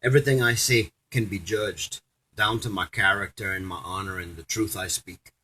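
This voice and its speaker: A man's voice: low-pitched, steady tone, moderate pace, sharp tone, slightly rough, low-quality recording. A man delivering an angry, profane, preachy rant to his audience as a vlogger. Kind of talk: angry ranting monologue.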